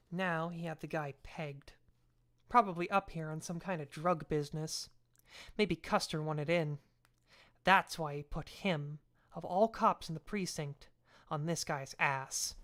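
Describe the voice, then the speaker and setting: A woman reading a novel aloud in a steady, even storytelling voice. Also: low-pitched. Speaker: audiobook reader.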